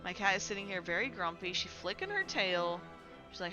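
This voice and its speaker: A woman's voice: mid-range voice, big pitch swings, brisk. A woman streaming live in a casual, chatty way at home, laughing often and talking to her cat. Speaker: Twitch streamer. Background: faint music from a playlist.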